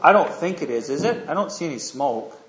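A man's voice: on the high side, lively intonation, a little fast. A man preaching a sermon in a casual, conversational way, telling a story and often asking the listeners questions. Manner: conversational, asks the audience questions, many fillers. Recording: echoey room, dull lo-fi sound.

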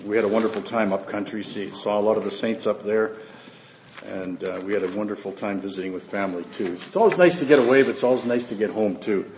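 Pastor preaching in a roomy church. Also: male voice, fairly low pitch, a little mellow, a little hiss or hum. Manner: unhurried, with fillers and asides between verses. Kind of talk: sermon with scripture reading. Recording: roomy, dull lo-fi church recording.

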